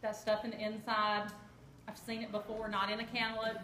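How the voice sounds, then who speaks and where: A woman's voice: fairly high pitch, fairly even intonation, fairly quick. A woman giving a chatty, joking live cooking demonstration and quizzing her audience. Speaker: kitchen product demonstrator. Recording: echoey room with background noise.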